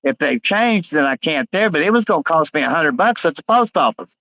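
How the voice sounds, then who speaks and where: A man hosting a casual live stream, rambling with many halting fillers as he reads out viewer comments. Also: on the high side, animated, sharp tone, no echo, rough recording.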